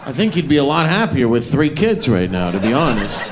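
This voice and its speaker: A male stand-up comedian on a club stage, talking into a handheld mic in a mid-pitched voice. His delivery is crude, mocking and swaggering. A faint hiss of room noise sits behind him. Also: sing-song, a little fast.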